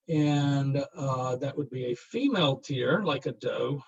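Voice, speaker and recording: Guy teaching a lit class, slow and kinda husky, dull lo-fi recording. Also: medium pitch. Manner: rambling and wry, reads verse aloud slowly. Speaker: university literature lecturer. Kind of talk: classroom lecture.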